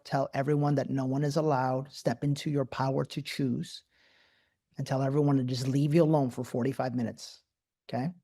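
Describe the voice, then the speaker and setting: Host, male, live spiritual talk; excitable, swears freely, rapid repeated yeses. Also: medium pitch, gravelly. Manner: animated, profane, repeats words in bursts.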